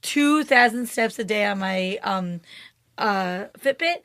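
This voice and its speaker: A woman's voice: medium pitch, animated, takes it slowly, a bit bright, no room sound. A woman co-hosting a casual podcast, giggling often and talking with her hands. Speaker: podcast co-host. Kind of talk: casual chat.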